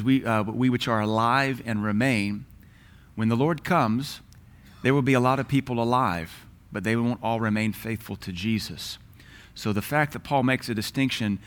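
A man teaching a Bible class in an earnest, emphatic way, slowing down and lifting his voice to read scripture aloud. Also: mid-range voice, fairly bright tone. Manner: earnest, emphatic, slows and lifts his voice when reading scripture.

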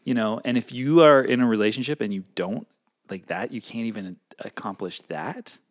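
A man's voice: mid-range voice, moderate pace. A man co-hosting a podcast in a casual, rambling way, laughing often and slipping into goofy voices. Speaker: podcast co-host. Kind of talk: casual chat.

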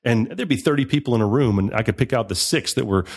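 A man's voice: medium pitch, lively intonation, fast, darkish tone. A man, a missionary preacher, telling his story in a conversational interview, with emphatic repetition and frequent restarts.

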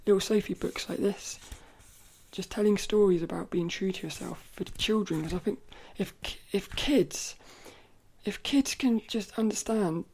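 Chatting playfully on her casual solo podcast, a mid-range-voiced woman keeps restarting and correcting herself. When she reads quoted passages from a children's book, she goes louder and slower. A slight background noise is present.

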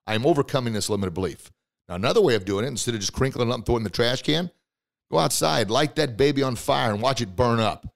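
A man hosting a motivational podcast, coaching listeners directly with excitement and bursts of emphatic shouting. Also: medium pitch, fast talker, creaky. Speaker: podcast host.

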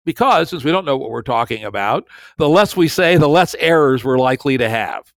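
A man's voice: medium pitch, expressive, brisk, no room sound. An older man hosting a podcast, arguing his views in a blunt, wry, conversational way. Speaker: podcast host. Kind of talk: casual conversational interview.

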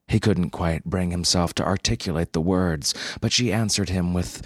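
A man narrating a story in a dry, deadpan way. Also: low voice, normal speed, few pauses, dry recording.

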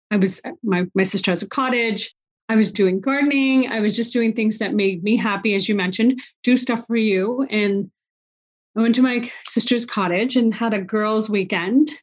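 Woman in her forties, slightly dull audio. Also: medium pitch. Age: 40s. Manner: emotional, storytelling with quoted dialogue. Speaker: guest. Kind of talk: conversational interview.

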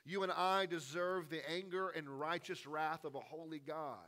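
A man, a pastor, preaching a sermon, with a delivery that swings from hushed, intimate lines to loud, rising appeals. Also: a little high, steady tone, moderate pace.

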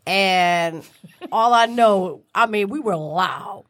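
A middle-aged woman co-hosting a casual chat show, telling stories with animated bursts of laughter. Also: medium pitch, takes it slowly. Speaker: podcast co-host.

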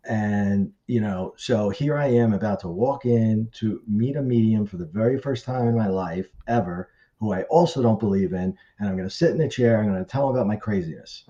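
A man casually telling a personal story as a guest, animated and acting out the voices of people he quotes. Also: brisk, few pauses, dull audio. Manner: animated, acts out quoted voices with pitch shifts.

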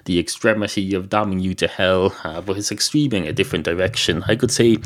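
A pedantic barman from Ireland who lectures at length and picks apart every phrase, voiced by a man. His voice is fairly low and in his natural register. One-man comic storytelling. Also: a little fast, close to an everyday voice. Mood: lecturing. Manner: pedantic, over-explaining. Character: pedantic, long-winded male barman.

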